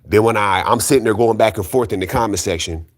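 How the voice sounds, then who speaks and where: A man with a low voice rants straight to his audience about boxing. He is blunt and profane and keeps hammering the same points. His delivery is insistent and argumentative. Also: fast. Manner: keeps calling out critics, insistent. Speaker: boxing commentary YouTuber. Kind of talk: heated solo rant.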